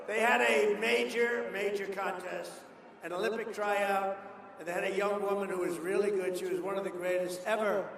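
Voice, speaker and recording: Older male politician, boastful rambling rally talk, highish pitch, big echoey hall heard from afar. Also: gravelly, fairly bright tone. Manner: rambling, boastful storytelling with asides. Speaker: politician giving a speech. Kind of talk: rally speech. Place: large hall at a college. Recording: echoey hall, distant PA mic, noise.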